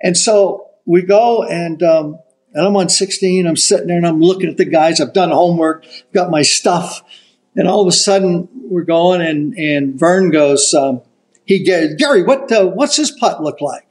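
Older guy spinning a golf tv story, highish voice, acts out everybody. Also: measured pace, poor audio. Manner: animated raconteur, acts out quotes. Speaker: golf broadcaster telling a story. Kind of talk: casual storytelling.

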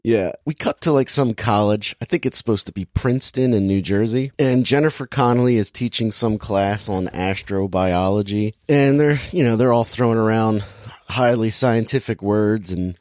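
A man casually recapping a movie plot with sarcasm, briefly acting out the characters' lines in quick impressions. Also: lowish voice, darkish tone, no echo, studio quality. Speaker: podcast host recapping a movie. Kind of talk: casual chat.

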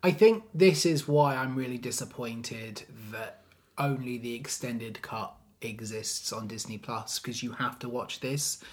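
A man co-hosting a relaxed film review chat. He is opinionated and emphatic, leaning hard into his views. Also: mid-range voice, measured pace. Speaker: podcast co-host.

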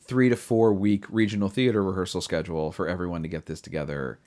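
A man's voice: low voice, steady tone, fast talker, darkish tone. A man hosting a casual chat, talking in long rambling runs full of restarts and asides. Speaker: podcast host.

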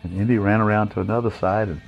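A man telling a funny scouting story, animated and chuckling, acting out other people in high-pitched voices. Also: fast talker, creaky, breathy edge, dull audio, soft background music. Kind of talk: storytelling anecdote.

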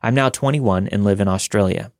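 A man reading listener-submitted scary stories aloud in a steady, measured first-person narration. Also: on the low side, creaky, dry recording, studio quality. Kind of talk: scripted horror story narration.

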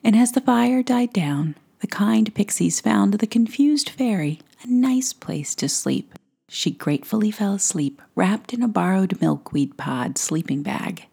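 Woman whispering a slow fairy tale. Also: mid-range voice, lively intonation, creaky, breathy edge. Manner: soft, hushed, lilting. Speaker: storyteller. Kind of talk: whispered storytelling.

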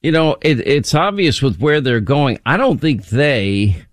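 Brisk, emphatic male radio host in a dry studio. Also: medium pitch, expressive, no room sound. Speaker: radio talk show host. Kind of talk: opinionated talk radio commentary. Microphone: studio microphone.

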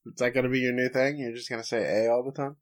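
A man's voice: mid-range voice, fairly even intonation, fast. Guy hosting a podcast, casual and jokey, recapping stuff. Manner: jokey, recapping episodes with playful asides. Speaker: podcast host.

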